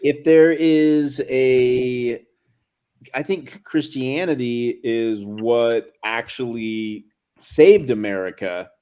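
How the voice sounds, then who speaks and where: A man hosting a live video call discussion, assertive and quick to cut in. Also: medium pitch, fairly even intonation, a little mellow, smooth. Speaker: host.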